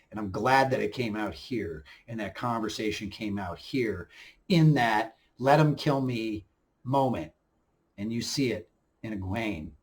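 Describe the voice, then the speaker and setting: A man hosting a TV review channel, talking casually and excitedly, acting out scenes and swinging from low mutters to loud bursts.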